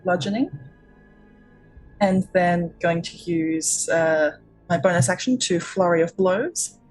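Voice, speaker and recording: A woman playing in a tabletop game, calling out her moves in a matter-of-fact, deadpan way. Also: fairly low pitch, slow, faint music behind, low-quality recording. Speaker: player. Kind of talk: casual chat.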